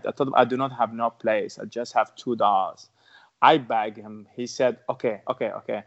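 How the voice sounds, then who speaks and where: A man's voice: medium pitch, fairly even intonation, normal speed, creaky, a bit bright. A man with an Arabic accent and broken English telling his own story as a podcast guest, earnest and repeating phrases for emphasis. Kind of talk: interview storytelling. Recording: dull lo-fi sound.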